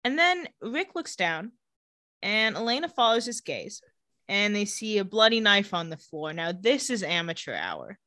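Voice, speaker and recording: A woman co-hosting a casual chat, retelling scenes and quoting characters in quick voices. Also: mid-range voice, very animated, bright, forceful tone, no room sound. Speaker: podcast co-host recapping a TV episode.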